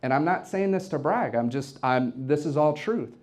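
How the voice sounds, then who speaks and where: A man's voice: on the high side, moderate pace. A man in his forties giving a motivational talk to a live audience, telling stories with energy and often repeating words as he builds up. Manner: energetic, storytelling, repeats words when excited. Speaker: event host and real estate team leader. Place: office event space with an audience.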